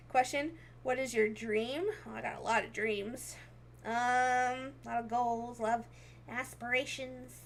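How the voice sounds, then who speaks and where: A woman's voice: a little high, fairly even intonation, unhurried, vocal fry, slight background noise. A young woman streaming as a VTuber, chatting casually and giggling often as she reads comments aloud. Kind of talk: casual livestream chat, reading comments.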